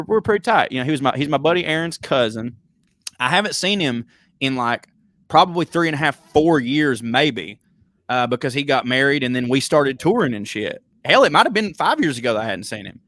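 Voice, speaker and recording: A man's voice: mid-range voice, dry recording. A man with a Southern American accent co-hosting a podcast, telling stories in casual comedic chat with lots of profanity. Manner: profane, storytelling, animated tangents. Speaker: podcast co-host.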